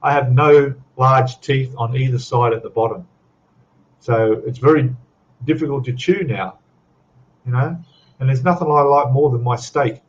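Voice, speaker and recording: A man's voice: mid-range voice, dull audio. An older Australian man hosting a casual live stream chat, rambling and chuckling as he reads out viewer comments. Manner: rambling, chatty, laughs often, reads out chat.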